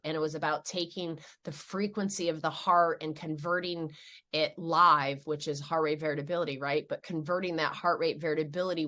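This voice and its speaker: Animated woman in her forties, lowish voice. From upstate New York. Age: 40s. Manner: expressive, swings high and loud when excited. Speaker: guest. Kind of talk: animated interview storytelling.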